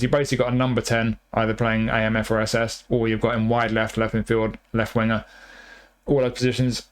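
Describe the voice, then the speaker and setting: Smooth, level-toned man reviewing a game. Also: medium pitch. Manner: thinking aloud, chatty with restarts. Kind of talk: casual gameplay commentary.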